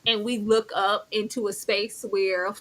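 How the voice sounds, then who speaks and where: A woman co-hosting a TV review show in casual chat, animated and exclamatory. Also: medium pitch, a little slow. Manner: animated, exclamatory, talks to the characters as 'girl'.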